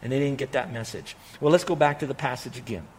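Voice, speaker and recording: A middle-aged man preaching a sermon with earnest emphasis, rising to emphatic peaks and dropping to quiet asides. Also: medium pitch, quick pace, slightly rough. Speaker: pastor.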